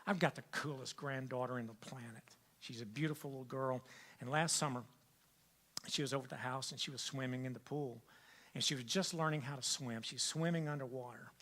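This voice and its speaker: An older man preaching a sermon as pastor, swinging from loud emphatic lines to hushed whispers and repeating key phrases for emphasis. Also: medium pitch, steady tone, fairly quick.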